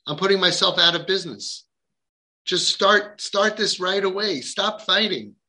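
A man with a high, piercingly sharp and forceful voice talks to parents with urgent conviction. He leans hard on key words and repeats them for stress, like a coach preaching his method. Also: unhurried. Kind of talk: impassioned podcast talk.

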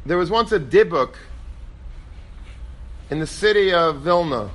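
A man teaching a Torah class as a rabbi, telling stories in a lively way and acting out quoted voices. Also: a little high, unhurried. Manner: animated, acts out quoted voices; lively storytelling, peppered with Hebrew and Yiddish terms.

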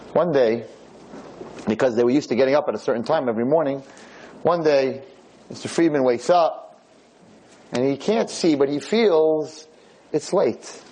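A man giving a lecture on camera, telling a story in a dramatic, repetitive, animated way. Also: fairly high pitch, slightly rough, rough recording. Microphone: filmed on camera.

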